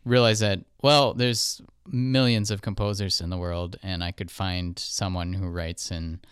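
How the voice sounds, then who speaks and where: Male composer, low clear voice, relaxed rambling delivery, dry studio sound. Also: a little slow, no room sound. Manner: relaxed, thinks aloud with fillers. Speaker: film composer. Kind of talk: casual podcast chat.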